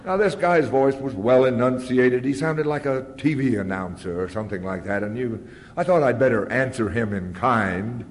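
A man's voice: mid-range voice, normal speed. Plain-talking guy telling his story, lots of uhs, mid voice, big hall echo behind him. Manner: folksy, plain-spoken, many "uh" fillers and repeated words. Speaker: speaker sharing his recovery story. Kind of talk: personal storytelling to an audience. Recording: long reverb from a big hall.

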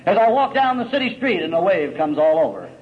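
A middle-aged man telling his story at a recovery meeting, gritty and folksy, swinging from loud to hushed. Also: high voice, big pitch swings, a little fast, lo-fi sound, a little hiss or hum.

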